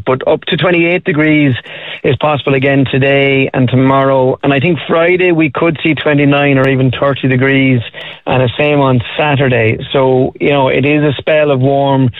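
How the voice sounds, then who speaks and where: A man's voice: mid-range voice, fairly even intonation, fairly quick, no echo. An Irish man giving a weather forecast, chatty and matter-of-fact. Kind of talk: phone interview. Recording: tinny phone line.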